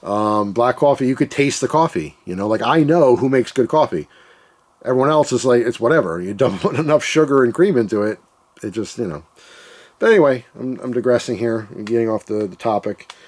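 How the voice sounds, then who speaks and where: A man's voice: mid-range voice, expressive, fairly quick, darkish tone. A man hosting his own channel, talking in a rambling, candid way and describing himself as emotional. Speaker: channel host. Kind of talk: casual reflective vlog monologue.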